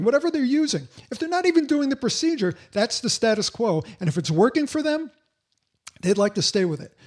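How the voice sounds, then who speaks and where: An older man with white hair giving blunt, emphatic sales coaching in a podcast monologue. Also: high voice.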